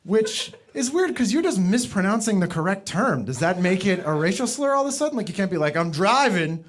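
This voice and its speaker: A young man from the Boston area doing a stand-up routine with dry, ironic delivery, mocking people in high voices. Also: very animated, brisk. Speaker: stand-up comedian.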